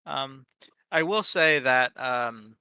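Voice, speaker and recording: A man chatting casually as co-host of a hobby stream, rambling with many fillers and pausing to search for names. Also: medium pitch, bright, forceful tone, smooth, dry recording. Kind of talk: casual chat.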